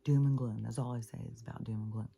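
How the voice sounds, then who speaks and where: Older woman, gravelly and husky, dark mellow voice, rambling, venting, swearing. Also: rumbling low, fairly even intonation, quick pace, a little hiss or hum. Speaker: spiritual vlogger. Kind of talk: rambling personal monologue.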